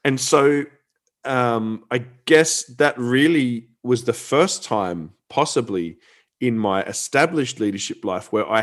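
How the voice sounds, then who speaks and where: A middle-aged man hosting a casual talk, telling a story in a chatty way with many restarts and fillers. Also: mid-range voice. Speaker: podcast host, former youth pastor.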